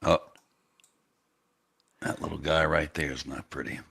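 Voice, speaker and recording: Super deep gravelly guy, husky but bright edge, laid back trading chat. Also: steady tone, unhurried, dry recording. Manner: laid-back, short remarks, folksy phrasing. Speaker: day trading stream co-host. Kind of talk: casual live-stream chat.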